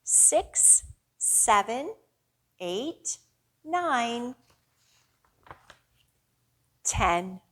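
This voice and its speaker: A woman librarian reads to small children in a slow, sing-song storyteller voice. Her voice sits a little high and swoops lively up and down as she leans into each line.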